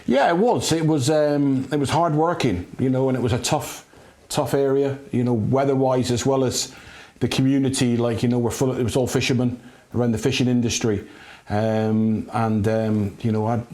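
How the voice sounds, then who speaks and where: A man's voice: mid-range voice, dark tone. A middle-aged former footballer from Scotland with a West Country accent and slight Scottish touches, telling his story reflectively with many fillers in a studio. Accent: West Country English with slight Scottish touches. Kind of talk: interview. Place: recording studio.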